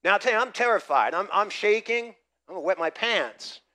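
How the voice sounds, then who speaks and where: A middle-aged man from the United States, a pastor telling a personal story in a sermon and building from quiet recollection to loud, emphatic preaching. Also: sits high, lively intonation, brisk.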